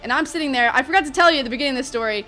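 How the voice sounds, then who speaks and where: A young woman vlogger telling a story in an animated, chatty way, full of fillers. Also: high-pitched, rapid-fire, soft background music. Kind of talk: storytime vlog.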